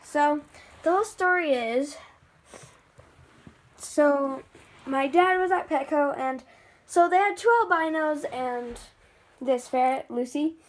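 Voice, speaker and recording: A young woman vlogging casually at home in a chatty, excitable way, often quoting what others said. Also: sits high, slow, pauses often. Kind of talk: casual vlog chat to camera.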